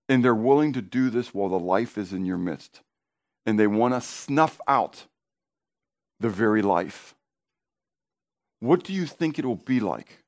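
A middle-aged man preaching a sermon, animated and emphatic, swinging between quiet asides and near-shouts, with repetitions and call-and-response questions to the congregation. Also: lowish voice. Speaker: pastor.

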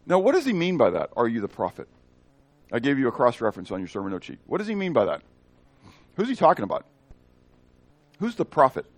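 A man's voice: mid-range voice, fast talker, long pauses, no echo. A man preaching a verse-by-verse sermon, quizzing his listeners and acting out the dialogue in shifting voices. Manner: animated, asks the congregation questions. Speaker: pastor. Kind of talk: expository sermon.

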